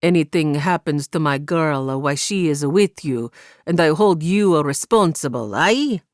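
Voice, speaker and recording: A woman narrator voicing a menacing, hulking Italian immigrant father with a slow, threatening delivery and an Italian accent. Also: low voice, lively intonation, no room sound, clean studio sound.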